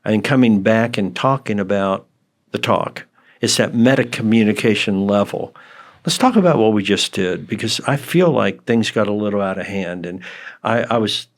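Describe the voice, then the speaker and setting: Man, low voice, animated explainer, casual podcast chat. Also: normal speed. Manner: animated, acts out quoted dialogue with laughs; explanatory, counsel-like. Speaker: podcast guest. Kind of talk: casual conversation.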